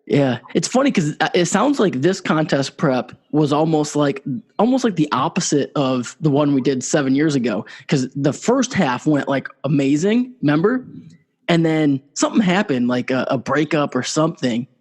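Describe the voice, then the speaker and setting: A male podcast host talks in relaxed, encouraging chat. His slightly high voice has a husky edge, and a long reverb trails behind his words. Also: moderate pace. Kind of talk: casual chat.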